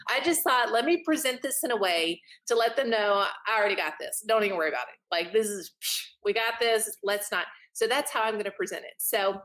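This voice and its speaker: A woman, a podcast guest telling a story in a lively way and acting out what others said. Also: mid-range voice, fairly quick. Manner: animated, laughing, acts out quotes. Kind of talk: casual storytelling.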